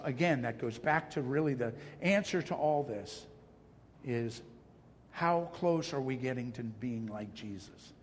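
A man's voice: medium pitch, slight background noise. A male pastor delivering a sermon, passionate and emphatic, with self-deprecating asides. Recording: long hall reverb.

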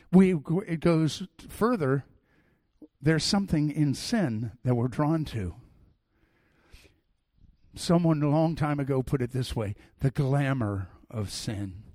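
A middle-aged man preaching a sermon, telling personal stories in an animated way that swings from loud to soft. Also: fairly high pitch, takes it slowly, dry recording, clean studio sound. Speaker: pastor.

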